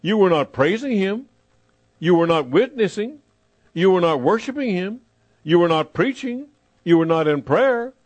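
A man's voice: high voice, animated, moderate pace, no echo. A man voicing a stern elderly woman missionary who scolds a class reproachfully, in a sermon story. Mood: scolding. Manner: reproachful, emphatic.

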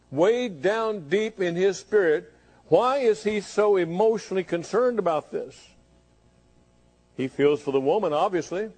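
A man's voice: high voice, a little mellow, breathy edge. A man preaching a fervent sermon, reading scripture and pressing the congregation with questions. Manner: fervent, rising to impassioned questioning.

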